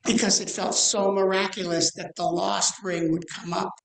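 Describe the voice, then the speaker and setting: A man in his sixties, a guest rabbi giving a storytelling sermon, animated and slowing into drawn-out dramatic pauses. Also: high voice, gravelly. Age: 60s. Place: church sanctuary. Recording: roomy church echo.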